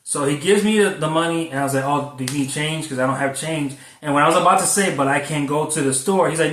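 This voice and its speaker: A man who drives food deliveries tells a story in a loose, rambling, profane way. His voice sits a little high. It comes across roomy and set back from the microphone. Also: a little fast, few pauses, fairly bright tone, distant mic. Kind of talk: casual storytelling vlog. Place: Florida. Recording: echoey, from away from the mic.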